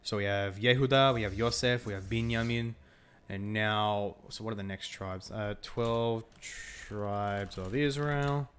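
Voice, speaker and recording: Unhurried and steady, this young Australian's low, slightly bright voice carries casual chatter as he streams a strategy game. He laughs a lot and answers his chat, with slight noise in the background.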